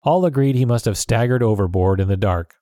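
A man narrating a storybook in an even, clear storytelling voice. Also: fairly low pitch, a little fast, no room sound, clean studio sound. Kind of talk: storybook reading.

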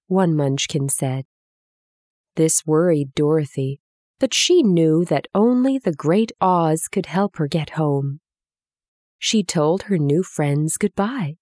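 Slow, mellow woman reading a story. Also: sits low, no room sound, clean studio sound. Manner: slow, clear, expressive storytelling. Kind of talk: reading a children's story aloud.

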